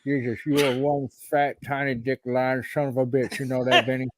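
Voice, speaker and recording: A man's voice: medium pitch, level tone, moderate pace, background noise, lightly acted. A man voicing a brash, foul-mouthed male escapee in an adult cartoon, barking plans and insults. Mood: bossy. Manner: gruff, profane, commanding.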